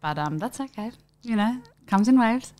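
A woman's voice: on the high side, lively intonation, normal speed, a little mellow. A young woman co-hosting a podcast, talking candidly and bluntly in casual chat. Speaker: podcast co-host.

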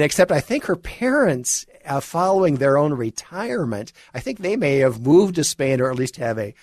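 A man guest-hosting a talk radio show, delivering a wry monologue with chuckles and halting restarts. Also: fairly high pitch, no room sound, clean studio sound.

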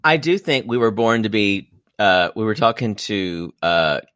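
Man, bright forceful voice, playful theatrical podcast host, dry sound. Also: lowish voice, lively intonation, unhurried, no room sound. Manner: playful, theatrical, bursts of laughter. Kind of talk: casual comedic recap chat.

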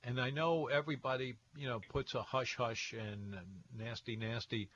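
A man hosting a radio call-in show, talking in a relaxed way with plenty of pauses and fillers. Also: mid-range voice, highs cut off, a little hiss or hum. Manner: relaxed, hesitant with many fillers.

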